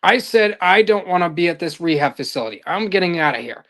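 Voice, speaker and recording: A man putting on an indignant pilot shouting protests. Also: sits high, lively intonation, fast. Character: defiant angry male airline pilot in rehab.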